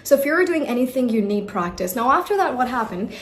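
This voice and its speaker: A woman's voice: a little high, sing-song, quick pace, a bit bright. A young woman from India telling a personal story in a vlog as an accent coach, emphatic and giving direct advice to viewers.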